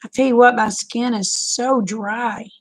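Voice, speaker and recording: A woman, chatting casually with viewers on a livestream, folksy and quick to laugh. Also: on the high side, steady tone, rough recording. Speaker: livestream host.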